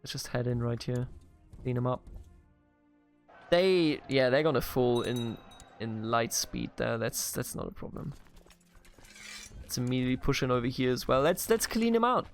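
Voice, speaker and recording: A man's voice: medium pitch, fairly even intonation, moderate pace, long pauses, soft background music. Man from Bavaria, playful game commentary. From Bavaria, Germany. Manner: playful, mock-grandiose asides to game characters. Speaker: gaming video host. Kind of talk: strategy game let's play commentary.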